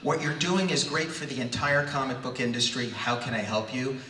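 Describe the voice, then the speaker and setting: A man putting on the voice of an exuberant older comics publisher in a loud, cheery greeting, on a stage in an echoey hall. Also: medium pitch, moderate pace, a little hiss or hum, close to an everyday voice. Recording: echoey hall, far from mic.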